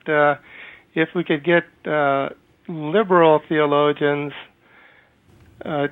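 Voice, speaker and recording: A man calling in to a talk show, speaking haltingly with many hesitations and partly reading from notes. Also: on the high side. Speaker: caller. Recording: tinny phone line.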